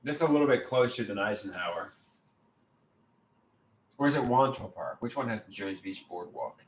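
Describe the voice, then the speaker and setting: A man's voice: on the low side, lively intonation, normal speed. A man on a live stream, reading viewer comments aloud and answering them in a rambling, repetitive way. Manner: reads chat comments aloud and answers them, repeating himself. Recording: echoey room.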